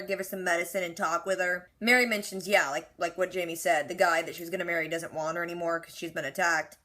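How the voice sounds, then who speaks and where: A young woman casually recapping a TV episode, acting out the characters in quick quoted asides. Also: mid-range voice, bright, forceful tone. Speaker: reaction video host.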